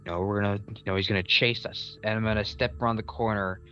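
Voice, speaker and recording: A player in a tabletop horror game, talking quickly and planning moves aloud. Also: deep voice, fairly even intonation, fairly bright tone, dull audio, soft background music. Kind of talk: casual tabletop game play.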